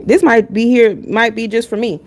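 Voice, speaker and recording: A woman's voice: fairly high pitch, steady tone, moderate pace, darkish tone. A woman reading tarot on a live stream, talking casually and bluntly. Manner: candid and blunt, chatting with chat between readings.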